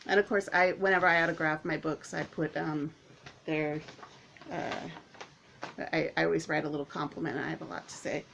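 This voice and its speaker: A woman vlogging to camera at home, chatting casually in a rambling, excitable way with lots of fillers. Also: sits low, normal speed, gravelly, noisy background. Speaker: author and vlogger.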